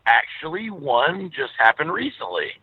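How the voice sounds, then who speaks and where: A man's voice: on the high side, huge pitch swings, moderate pace, gravelly, husky, no echo. A man from Texas with a Southern accent, a musician guest telling stories in an easygoing way with many filler uhs. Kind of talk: casual interview over the phone. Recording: tinny phone line.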